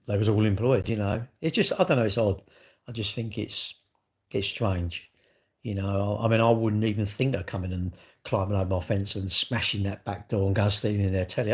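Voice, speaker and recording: A man with a lowish voice talks to camera in a loose, rambling vlog monologue. He keeps circling back with rhetorical questions and everyday fillers, in an unscripted style. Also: a little mellow. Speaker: vlogger.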